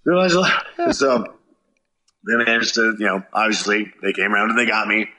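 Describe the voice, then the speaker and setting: A man casually telling a road story from a tour, animated and swearing, acting out his own shouts. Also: fairly low pitch, fast talker. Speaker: touring musician.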